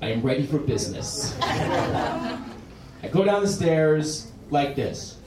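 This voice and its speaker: Animated stand-up comedian, high lively voice. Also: male voice, moderate pace, background noise. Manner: animated, swings from quiet menace to shouting punchlines. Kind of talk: stand-up storytelling. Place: comedy club stage with audience laughing. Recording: roomy live club recording from far off.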